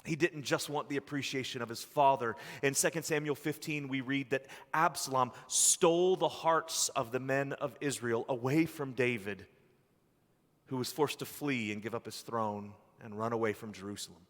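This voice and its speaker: A man's voice: medium pitch, fairly bright tone. Man preaching in a reverberant church. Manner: earnest, with long pauses and some restarts. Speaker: pastor. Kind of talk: sermon. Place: church sanctuary.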